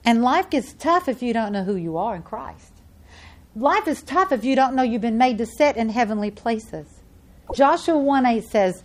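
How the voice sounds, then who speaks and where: Woman preacher, kinda high voice, reads scripture, gets loud then goes real quiet. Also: animated, normal speed. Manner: preaching with scripture readings, swinging between loud emphasis and soft hushed lines. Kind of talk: sermon.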